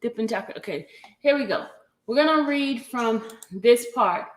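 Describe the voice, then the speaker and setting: A woman's voice: on the high side, lively intonation, moderate pace. A woman hosting a casual livestream, chatting with viewers by name and reading documents aloud, stopping now and then to cough. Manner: chatty, greets viewers by name, apologetic asides. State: coughing, catching her breath. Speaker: livestream host.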